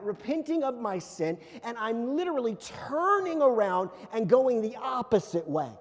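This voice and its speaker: High-voiced animated preacher, echoing hall. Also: male voice. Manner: animated, repeats "okay?" to check in. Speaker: pastor. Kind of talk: sermon. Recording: long hall reverb.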